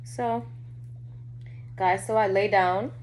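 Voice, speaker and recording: A woman tells a personal story straight to her viewers in a casual, unscripted way. Her voice sits at an ordinary middle pitch and often sinks low and quiet. A faint hum runs under the recording. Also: steady tone, takes it slowly. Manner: candid, addresses viewers as y'all, often drops low and quiet. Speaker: vlogger telling a personal story.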